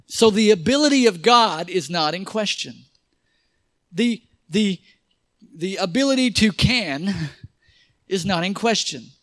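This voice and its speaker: A man preaching a sermon in church, animated, calling on the congregation to answer and repeat after him. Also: sits high, a little slow, pauses often, no echo, clean studio sound. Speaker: pastor.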